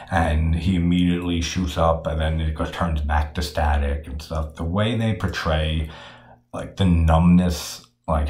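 Brief: low-voiced male host, loose profane film-recap talk, echoey room. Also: a little mellow. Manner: rambling, profane, with frequent fillers and laughs. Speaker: horror film discussion host. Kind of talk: casual film recap and commentary.

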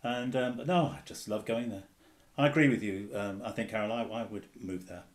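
A man's voice: lowish voice, fairly quick. Teasing man chatting on a video call. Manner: teasing and jokey. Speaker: publisher on a panel. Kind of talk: casual panel chat.

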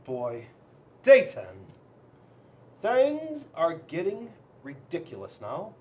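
Animated man reading a picture book. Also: a little high, drawn-out words. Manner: animated, expressive storytelling. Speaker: school resource officer. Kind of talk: children's book read-aloud.

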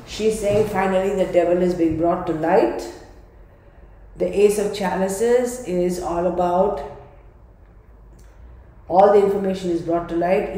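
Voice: mid-range voice, mellow. A tarot reader giving an emphatic reading, repeating and restarting phrases while thinking aloud. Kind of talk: tarot card reading video. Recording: very echoey room.

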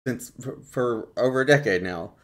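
A man co-hosting a podcast in casual chat, laid-back, sliding into low deadpan quotes. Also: normal speed. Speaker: podcast co-host.

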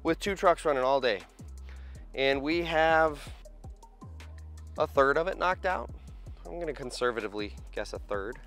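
A man's voice: mid-range voice, moderate pace, pauses often, a bit bright, soft background music. Worn-out male equipment operator, casual and wisecracking, self-recorded outdoors on a handheld camera. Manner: chatty, joking, self-deprecating. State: tired after a long hot week. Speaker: heavy equipment operator and vlogger. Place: outdoor construction site.

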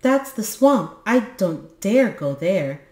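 A small, fearful storybook creature who frets and speaks in a nervous hush, as a woman puts him on. The voice sits higher than her usual low tone and comes a little louder. The room around it is echoey. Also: very animated, normal speed. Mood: frightened. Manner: nervous, hushed. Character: timid tiny male creature, fearful.

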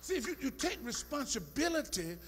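A male pastor preaching a sermon in rhythmic call-and-response style, rising into shouts and half-sung phrases. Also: extremely high pitch, big pitch swings, fairly quick, big-room sound, faint music behind. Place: church sanctuary.

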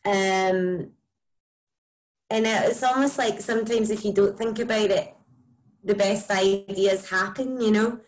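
A woman with a broad Scottish accent, a musician chatting casually and warmly about her music in an interview, with lots of "like" and "um". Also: mid-range voice, fairly even intonation, measured pace, poor audio. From Scotland. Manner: chatty, enthusiastic, many likes and ums. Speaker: musician guest.

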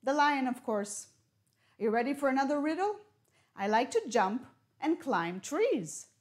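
Woman teaching English slowly. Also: sits high, very animated. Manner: slow, clear teacher talk with riddles and Hebrew glosses. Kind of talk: broadcast classroom lesson.

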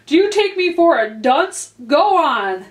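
A woman's voice: a little high, lively intonation. A woman doing a stern, blustering storybook king. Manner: slow, stern, threatening. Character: blustering, threatening male king judging a trial. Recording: roomy echo.

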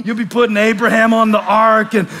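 A male pastor with a high, bright, ringing voice preaches in a large church auditorium. He starts in a hushed tone and builds to shouting, hammering each point by repeating it. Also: little pitch movement, a little fast. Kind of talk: sermon.

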